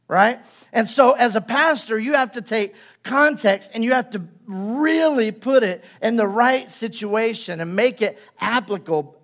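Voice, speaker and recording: A man with a notably high, light voice preaches to his congregation in a loose, conversational way. He breaks into playful acted-out asides and quick jokes. His delivery swings between easy chat and teaching. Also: fairly bright tone. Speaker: pastor. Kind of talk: sermon.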